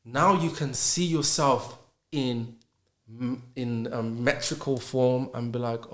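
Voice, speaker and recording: Man, earnest guest who works through ideas with rhetorical questions, mid pitch, roomy echo. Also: steady tone, slow pace. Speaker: podcast guest. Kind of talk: casual podcast chat.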